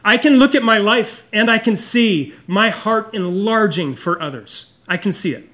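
A man preaching a sermon as pastor, earnest and confessional, often dropping low and soft to stress a point. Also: expressive, moderate pace.

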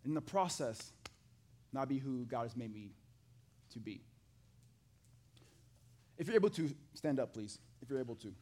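A man preaching a sermon to a live congregation, acting out the scripture dialogue in an animated way and talking with the people in the pews. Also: mid-range voice, normal speed, long pauses. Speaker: pastor. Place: church hall with a live congregation.

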